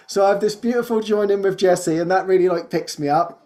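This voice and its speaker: Man talking in halting, repeated restarts. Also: high-pitched, darkish tone. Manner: laughs often while talking. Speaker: podcast host. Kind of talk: casual spiritual conversation.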